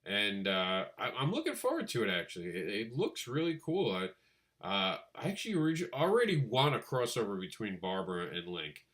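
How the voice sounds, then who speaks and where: A man co-hosting a casual chat about comic book crowdfunding, animated and quick to laugh. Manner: animated, laughs, mimics others in a high voice. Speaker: podcast co-host.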